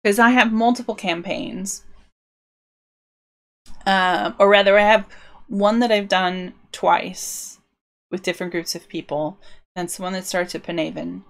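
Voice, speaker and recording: A woman's voice: mid-range voice, fairly even intonation, measured pace, creaky, long pauses. A woman live-streaming as she builds a tabletop game world, musing aloud in a rambling, self-interrupting way. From United Kingdom. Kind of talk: casual thinking-aloud livestream.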